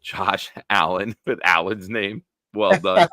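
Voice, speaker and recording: A man's voice: fairly low pitch, big pitch swings, slow, vocal fry, sharp tone, no echo. A young man hosting a sports podcast live stream, casually joking and reading out viewer comments. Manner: jokey, reads out viewer comments.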